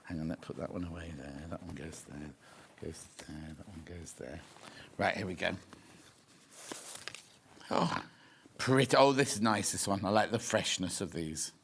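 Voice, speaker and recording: A man's voice: low-pitched, normal speed, vocal fry, pauses often, fairly bright tone, a little hiss or hum. A man in his sixties presenting a live shopping show, chatting and bantering with viewers while he shows products. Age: 60s.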